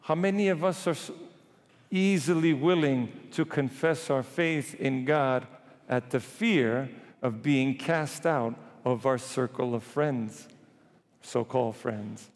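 A man preaching a sermon as a priest, retelling scripture in lively everyday voices. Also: mid-range voice, takes it slowly, in a large hall.

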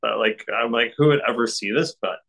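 A man's voice: mid-range voice, a little fast, vocal fry, fairly bright tone, poor audio. Chatty man full of fillers. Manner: rambling, many fillers like "like" and "um", laughs often. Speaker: actor guest. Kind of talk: casual interview chat.

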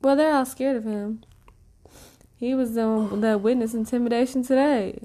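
Podcast co-host, woman, higher voice, mellow tone, relaxed chat. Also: moderate pace.

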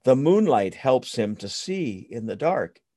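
A man voicing a calm, gentle father rabbit in a storybook, speaking patiently and reassuringly. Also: medium pitch, a little slow, dry recording, clean studio sound, voice pushed up.

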